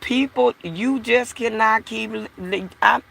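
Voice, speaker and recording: A woman's voice: fairly high pitch, measured pace, creaky, a bit bright. A woman vlogger talking to her viewers in a casual, frustrated, repetitive way. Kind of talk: casual talk to camera.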